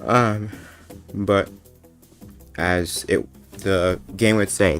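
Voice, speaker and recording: A man streaming a game, tired and joking with his guest in casual chat, mumbling one moment and loud the next. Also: low voice, slow, pauses often, faint music behind. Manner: joking, playful, jumps between mumbling and loud.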